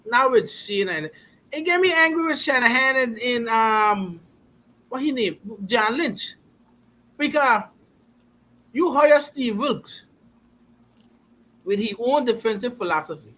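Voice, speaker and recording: A man's voice: very high voice, expressive, takes it slowly, long pauses, pushed and bright. A man co-hosting a casual football talk show, arguing his point in a heated, emphatic, playfully argumentative way. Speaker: podcast co-host.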